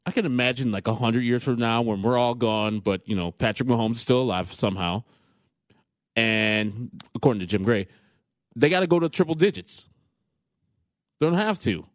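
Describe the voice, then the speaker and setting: A man's voice: mid-range voice, normal speed, no echo. Laid-back man on sports radio. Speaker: radio co-host. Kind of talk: casual sports radio chat. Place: radio studio.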